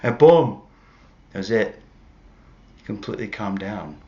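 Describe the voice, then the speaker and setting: A man's voice: on the low side, animated, measured pace, warm tone. A man telling a personal story in a casual, rambling way, correcting himself as he goes, on a dull lo-fi recording. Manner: rambling, self-correcting, conversational. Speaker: street musician telling a story.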